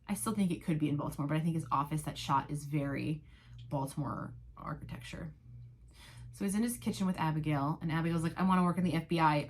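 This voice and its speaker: On her podcast, a young female host chats casually through a TV episode by herself, sarcastic and dry, with plenty of swearing and rapid mocking impressions of the characters. Her voice is on the low side for a woman, yet fairly bright in tone.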